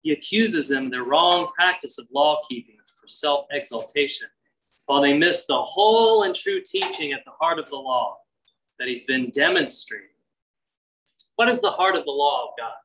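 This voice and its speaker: A pastor delivering an earnest, conversational sermon, his voice bright and forceful. He often sinks to a near-hush before rising again. He sounds somewhat far from the microphone. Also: mid-range voice, normal speed. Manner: earnest, conversational preaching with sudden drops to a hushed voice.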